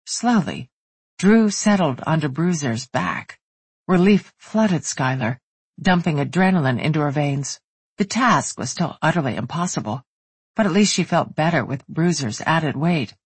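Husky, dry woman narrating a story. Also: low-pitched, animated, a little slow, dry recording. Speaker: audiobook narrator. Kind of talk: scripted narration.

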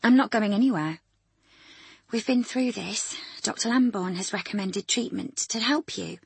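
A woman's voice: medium pitch, normal speed, vocal fry, slightly rough, no echo, pitched above the performer's own voice. A woman voicing a timid young female student nurse who speaks hesitantly and apologetically. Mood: firm.

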